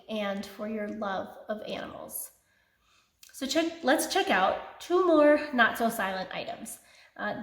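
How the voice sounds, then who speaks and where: A woman hosting a charity benefit, reading auction items in an upbeat, promotional way. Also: mid-range voice. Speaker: benefit host. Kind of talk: scripted auction announcements. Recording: echoey room.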